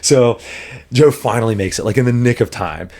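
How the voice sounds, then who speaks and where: A man who coaches fighters, co-hosting a podcast and telling a story with animated energy and frequent laughter. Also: mid-range voice, normal speed. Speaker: MMA coach and podcast co-host. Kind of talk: casual podcast chat.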